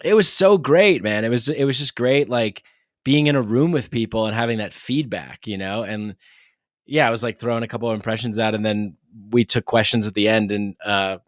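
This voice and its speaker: A man's voice: fairly low pitch, a little fast, no room sound, clean studio sound. A man talking as a comedian guest on a podcast, rambling casually with many restarts. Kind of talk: casual chat.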